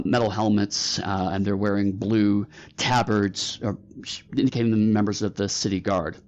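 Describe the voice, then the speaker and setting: A man narrating a tabletop role-playing game as game master, pausing often with fillers. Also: lowish voice, a little mellow. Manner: hesitant, many fillers. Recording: slightly dull sound with faint music.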